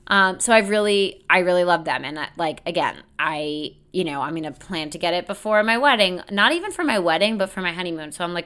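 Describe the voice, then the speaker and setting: A young woman talks to her podcast listeners in a loose, rambling monologue. Her voice sits a little low for a woman. She is self-deprecating, laughs often and keeps piling on filler words. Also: expressive, fairly quick, hardly any pauses, a bit bright, smooth. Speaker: podcast host. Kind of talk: casual solo podcast monologue.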